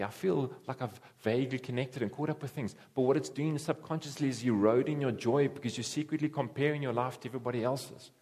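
A man preaching a conversational sermon to a congregation, animated and repetitive, with sudden jumps in pitch.

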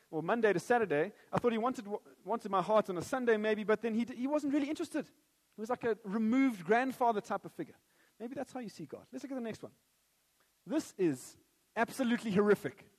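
High-voiced preacher in a reverberant hall. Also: male voice. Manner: jokey and animated at first, then earnest and prayerful. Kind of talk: sermon.

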